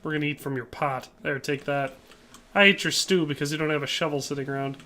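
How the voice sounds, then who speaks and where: A man's voice: a little high, fairly even intonation, quick pace, pushed and bright, a little hiss or hum. A man streaming a game, talking casually and ranting in exasperation while reading chat aloud. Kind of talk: casual gameplay commentary.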